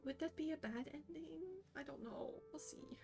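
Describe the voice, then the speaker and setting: A woman's voice: high voice, normal speed, vocal fry, warm tone, faint music behind. A young woman streaming a game live, emotional and giggly, reading the story text aloud. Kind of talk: live gameplay commentary.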